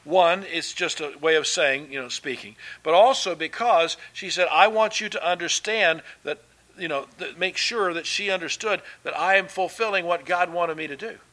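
Bright-voiced male preacher. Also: a little high, normal speed, few pauses. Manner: emphatic preaching, swinging between loud and soft; conversational asides with fillers and restarts. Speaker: pastor. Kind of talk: sermon.

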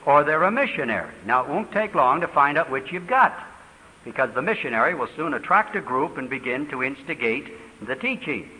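Older man, preacher, rapid fervent delivery, bright forceful voice, echoey church hall. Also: on the high side, very animated. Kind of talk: sermon question-and-answer. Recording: reverberant hall, faint hiss.

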